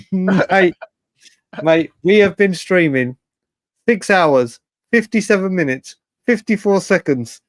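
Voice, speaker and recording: An excitable man hosts a late-night live fan stream, rambling from one thought to the next. His voice sits fairly high. The sound is dry and close to the mic. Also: slow pace, long pauses, dry recording. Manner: excitable, rambling, talks to chat by name. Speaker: fan channel host.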